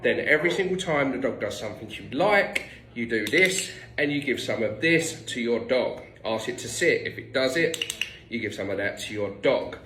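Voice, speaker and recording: A man's voice: mid-range voice, lively intonation, moderate pace, fairly bright tone, echoey room, a little hiss or hum, poor audio. A man working as a dog trainer, giving blunt, no-nonsense instructions with the odd swear word. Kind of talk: direct instructional tips.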